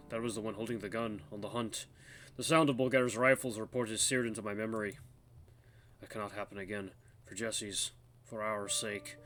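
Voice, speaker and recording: Guy reading a story game out loud, bright clear voice, chatty asides. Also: lowish voice. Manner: first-person narration of the hero, breaks off to laugh and comment. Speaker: gaming channel host. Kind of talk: reading an interactive story game aloud with commentary.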